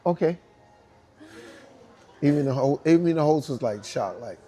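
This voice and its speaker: A man who judges hip hop dance battles, telling a casual anecdote and acting out what others said in an animated way. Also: mid-range voice, brisk. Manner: animated, acts out quoted dialogue.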